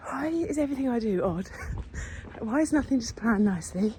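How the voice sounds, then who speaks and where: A woman's voice: on the high side, expressive, normal speed, mellow, a little hiss or hum. A young woman, talking casually to camera in a vlog, rambling and self-deprecating with lots of "like". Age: 20s. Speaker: vlogger.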